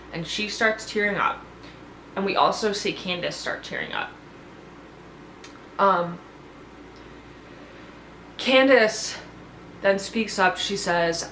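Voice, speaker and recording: Woman reviewer, casual sarcastic episode recap, mid-pitched voice, roomy room sound. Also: slow pace, long pauses, a little hiss or hum. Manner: animated, sarcastic storytelling. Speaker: TV show reviewer. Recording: roomy echo.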